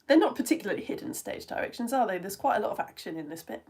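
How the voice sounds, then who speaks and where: A young British woman teaching a live online lesson from home, chatty and quick to laugh, with many restarts. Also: mid-range voice, very animated, a little mellow, slight background noise. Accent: British English.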